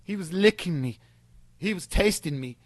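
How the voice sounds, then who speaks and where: A man's voice: sits high, expressive, moderate pace, dry recording. A man delivering an angry, profane, sarcastic callout rant against a rival. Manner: heated, profane, sarcastic, mocking. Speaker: streamer calling out a rival.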